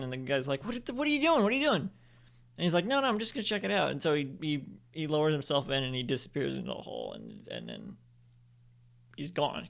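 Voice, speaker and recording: A man's voice: medium pitch, creaky, a bit bright, clear, resonant tone. A young man at home improvising a story, rambling with lots of fillers and self-corrections. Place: home, indoors.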